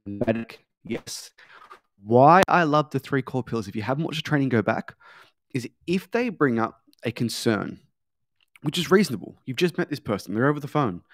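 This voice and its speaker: A man's voice: mid-range voice, animated, moderate pace. A male sales trainer talks in a loose, conversational way, dropping in plenty of filler words. His voice sits in an ordinary middle range. The recording is dry, with no echo. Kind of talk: sales training with role-play.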